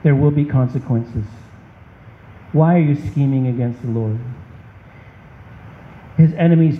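A man's voice: on the high side, slight background noise. A man preaching a sermon as a pastor, emphatic and impassioned. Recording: dull, echoey hall.

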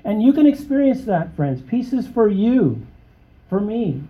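Male preacher, slightly high voice, emphatic and conversational, muffled lo-fi sound. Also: very animated, a little slow. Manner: emphatic, rising to high exclamations; conversational, with frequent check-ins to the congregation. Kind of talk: sermon. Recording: dull, muffled lo-fi recording.

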